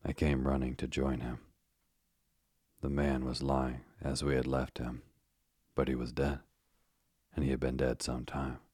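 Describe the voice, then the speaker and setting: A man reads a bedtime mystery in a calm, unhurried way. His voice is extremely low and husky, with a flat, steady melody. The recording is dry and close. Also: no room sound. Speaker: narrator. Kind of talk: sleep story reading.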